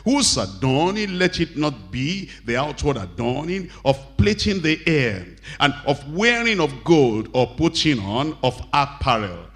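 A male pastor preaching a sermon, reading scripture slowly and acting out angry bosses and pleading wives. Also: very animated. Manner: acts out quoted bosses and wives, shouting high and pleading soft; reads scripture slowly and deliberately.

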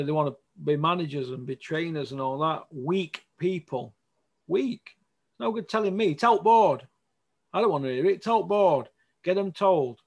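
A man hosting a show, giving a blunt, sweary opinion rant with loud outbursts. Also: on the high side. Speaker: host.

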